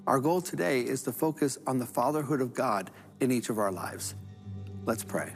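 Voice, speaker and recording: A man delivers a Catholic devotional sermon, leading prayers and telling a story in an earnest, measured way. His voice sits in a middle range, he uses a rhythmic, repetitive preaching cadence, and soft music plays behind him. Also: medium pitch, animated, vocal fry.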